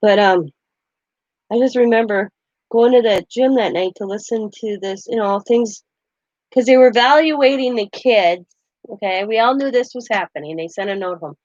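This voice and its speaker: A woman's voice: fairly high pitch, normal speed, a little mellow, dry recording, highs cut off. A middle-aged woman hosting a crafting channel, chatting casually and animatedly as she tells a story, laughing as she goes.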